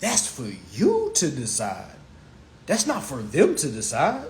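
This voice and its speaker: A man's voice: fairly high pitch, huge pitch swings, takes it slowly, a little hiss or hum. A man giving a casual live-streamed teaching, emphatic and repetitive, with rhetorical questions and blunt profanity.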